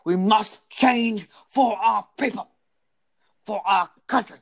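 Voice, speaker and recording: A man's voice: high-pitched, slow pace, voice pushed up, full character voice. A man voicing an earnest male council member urging change.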